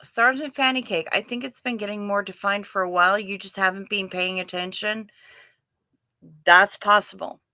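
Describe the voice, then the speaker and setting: A woman's voice: medium pitch, steady tone, moderate pace, bright, forceful tone, no room sound. A middle-aged woman hosting a casual livestream, chatting with viewers in a wry, self-deprecating way. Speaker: livestream host. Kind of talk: casual livestream chat reading chat.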